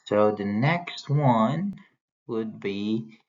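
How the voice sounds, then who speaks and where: Slow deep-voiced man teaching, gravelly. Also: lively intonation, darkish tone. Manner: explains step by step, points at slides. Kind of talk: recorded lecture on poetry. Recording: dull lo-fi sound.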